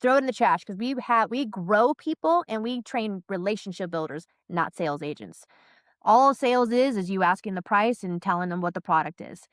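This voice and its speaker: Animated woman sales trainer, dry sound. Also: mid-range voice, normal speed, dry recording. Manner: animated, repeats phrases, acts out quotes. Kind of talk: podcast interview, storytelling.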